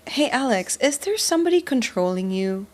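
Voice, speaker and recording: A woman's voice: fairly high pitch, sing-song, moderate pace. A woman co-hosting a podcast, asking questions in a playful, giggly, casual way. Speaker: podcast co-host. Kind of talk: casual chat.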